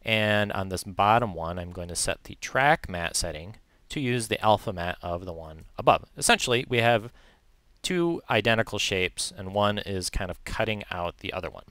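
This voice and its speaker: A man with a low voice and a crisp, forward tone talks through a screen-recorded software tutorial. He is relaxed and chatty, fixing slips as he goes and dropping light asides. The sound is dry and close, with no room around it. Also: moderate pace, no echo.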